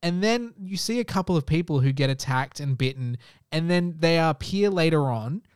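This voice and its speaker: A man hosting a casual film-review podcast, rambling through long, quick run-on explanations. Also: fairly high pitch, lively intonation, clear, resonant tone, dry recording, clean studio sound. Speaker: podcast host.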